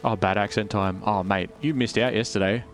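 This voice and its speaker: A man's voice: fairly low pitch, steady tone, a little fast, soft background music. A man chatting casually and rambling as he plays a video game on stream. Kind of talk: let's play commentary.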